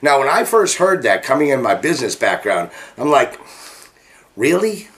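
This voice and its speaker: A middle-aged man coaching his listeners through a personal story, his voice energetic and lively. He speaks at a mid pitch and leaps higher when he acts out what people said. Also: fairly quick. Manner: energetic, animated, jumps pitch to act out quotes. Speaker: business coach. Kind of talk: motivational storytelling to camera.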